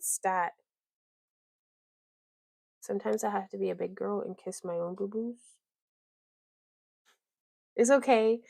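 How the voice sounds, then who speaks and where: A woman's voice: mid-range voice, no room sound, studio quality. A woman hosting a casual crafting livestream, rambling, giggling often and reading viewer comments aloud.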